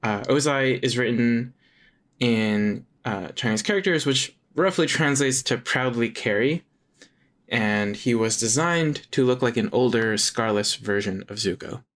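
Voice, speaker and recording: A man in a mid-range voice co-hosts a laid-back podcast. He reads out trivia in an easy chatty tone, often pausing on filler sounds. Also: mid-range voice, a bit bright. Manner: reads out fun facts, hesitant fillers. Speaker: podcast co-host. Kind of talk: casual chat sharing trivia.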